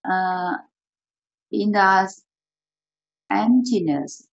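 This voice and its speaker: A woman with a Chinese accent reads a text aloud as a student, breaking off often to search for words. She speaks very slowly in a low, husky voice. The recording sounds dull and lo-fi. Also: expressive. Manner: halting, slow, searching for words. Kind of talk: reading aloud a text in practice.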